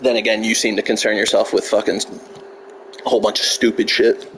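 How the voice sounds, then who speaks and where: A man's voice: fairly low pitch, little pitch movement, a little fast, fairly bright tone, a little hiss or hum. A man live-streaming a video game, trash-talking a troll in chat with heavy profanity and sarcasm. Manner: profane, mocking trash talk.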